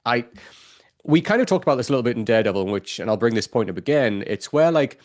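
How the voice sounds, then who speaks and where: A man hosting a podcast in casual chat, chatty and animated, with "like" in many sentences. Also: medium pitch, quick pace. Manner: chatty, animated, says "like" often. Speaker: podcast host.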